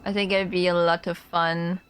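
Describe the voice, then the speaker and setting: A woman streaming a game, chatting casually, humming to herself and yelling at enemies. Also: fairly low pitch, little pitch movement, moderate pace, a little hiss or hum. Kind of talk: casual gameplay commentary.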